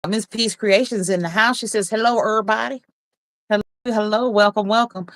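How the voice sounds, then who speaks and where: A woman's voice: medium pitch, steady tone, brisk, dry recording. A woman hosting a casual livestream, reading viewers' comments aloud, teasing them and laughing often. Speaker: livestream host.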